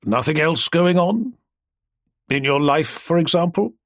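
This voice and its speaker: Guy doing a nosy mischievous bloke, a bit higher than the narration. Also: animated, a little slow, dry recording, clean studio sound. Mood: prying. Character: nosy, mischievous middle-aged man.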